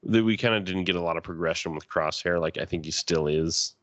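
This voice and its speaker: Deep-voiced man, enthusiastic podcast chatter. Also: a little fast, a bit bright, no echo. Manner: enthusiastic, jumps into quoted reactions. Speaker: podcast co-host. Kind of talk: casual fan chat.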